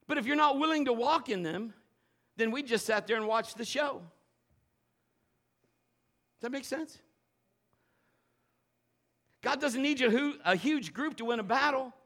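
A man preaching a sermon at a church service, animated and playful, moving between loud exhortation and quiet asides. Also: extremely high pitch.

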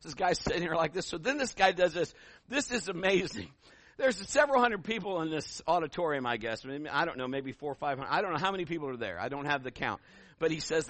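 A middle-aged man preaching a sermon as pastor, telling stories and acting out voices, building to loud emphatic peaks. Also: on the high side, lively intonation, fast, no room sound.

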